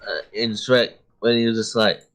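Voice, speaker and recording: A man's voice: on the low side, fairly even intonation, normal speed, a bit bright. A man playing a tabletop game, chatting in casual, joking asides. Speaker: player.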